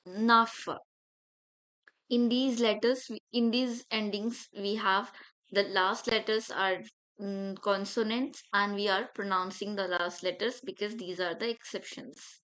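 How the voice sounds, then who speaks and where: A woman teaching beginners, speaking slowly and deliberately as she pronounces each letter. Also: mid-range voice, a bit bright, rough recording. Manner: slow, deliberate letter-by-letter pronunciation. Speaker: French teacher. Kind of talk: beginner language lesson.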